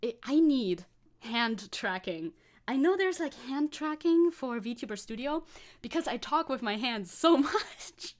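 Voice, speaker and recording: Woman streamer rambling on her home mic, kinda high voice, giggles a lot, all over the place. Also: animated, measured pace. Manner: scatterbrained, rambling, laughs often. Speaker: VTuber streamer. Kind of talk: casual live-stream chat.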